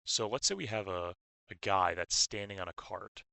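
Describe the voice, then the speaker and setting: Young guy walking thru a physics problem, lowish bright voice, dry sound, halting phrases. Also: creaky, dry recording, rough recording. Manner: stop-start phrasing, uneven loudness. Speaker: physics tutor. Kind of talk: explaining a physics lesson.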